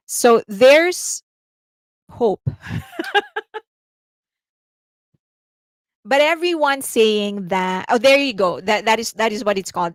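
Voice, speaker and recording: A woman's voice: mid-range voice, no echo. A woman hosting a casual live-stream commentary, chatty, often restarting her sentences and laughing easily. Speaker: commentary channel host.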